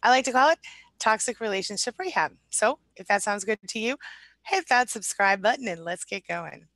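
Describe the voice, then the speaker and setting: A middle-aged woman coach on a live stream, greeting viewers by name and reading out their comments in a warm, chatty way. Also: medium pitch, lively intonation, moderate pace, dry recording. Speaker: relationship recovery coach.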